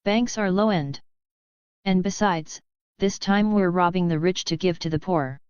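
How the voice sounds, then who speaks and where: A woman's voice: fairly low pitch, unhurried, darkish tone, clean tone, no echo, muffled recording, lightly acted. A woman voicing a bald, muscular male street racer who speaks bluntly and directly in a storybook reading.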